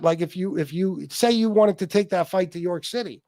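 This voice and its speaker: A man's voice: high-pitched, normal speed, darkish tone, no room sound. A man hosting a casual livestream chat, talking bluntly and swearing freely while reading out viewer names. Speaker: livestream host.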